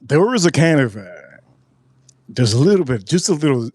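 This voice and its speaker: Excitable man with a light, dry voice. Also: on the high side, moderate pace, breathy edge, no room sound. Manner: excitable, repeats himself for emphasis. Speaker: spirits reviewer host. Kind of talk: casual live tasting review.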